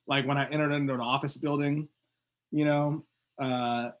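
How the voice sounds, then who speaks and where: A man's voice: on the high side, level tone, normal speed. A man co-hosting a casual comedy podcast, rambling and acting out silly scenes. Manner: rambling, puts on silly voices for jokes. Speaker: podcast co-host. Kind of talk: casual chat.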